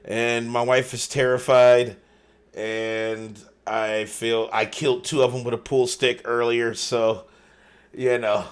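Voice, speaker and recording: A man hosting a games podcast, telling stories in an animated, laughing way and swearing freely. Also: medium pitch, slow pace, smooth. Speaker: podcast host. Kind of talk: casual chat.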